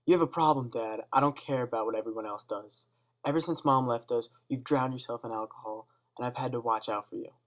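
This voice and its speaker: A young man voicing a teenage daughter who confronts her drunk father, loudly and with raised pitch. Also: fairly even intonation, fairly quick, lightly acted. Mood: angry.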